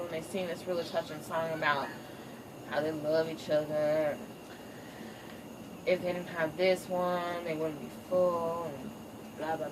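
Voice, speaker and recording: A woman retelling an animated film in an irreverent, profane, chatty comedic style. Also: fairly low pitch. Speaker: storyteller. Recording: distant mic, noisy ambience.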